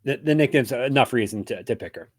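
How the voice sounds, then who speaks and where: A man's voice: medium pitch, animated, fast talker, dry recording. Male podcast host, casual and chatty, jokey sign-off energy, dry mic. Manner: chatty, joking, plugs links.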